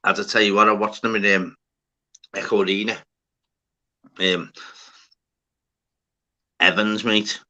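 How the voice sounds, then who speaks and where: A man's voice: lowish voice, little pitch movement, measured pace, long pauses, sharp tone. A young man with a Liverpool Scouse accent, casually telling a rambling, sweary story and calling everyone "lad" and "mate". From Liverpool, England. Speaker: podcast host. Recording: dull lo-fi sound.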